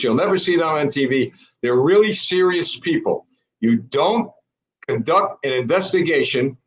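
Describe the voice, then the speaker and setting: A middle-aged American man hosting a live political broadcast. He speaks with urgent, exhorting force and keeps calling on his viewers to act. His voice sits a little higher than most men's. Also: rough recording. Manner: urgent, exhorting, addresses audience as folks. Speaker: political show host. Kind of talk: impassioned political talk.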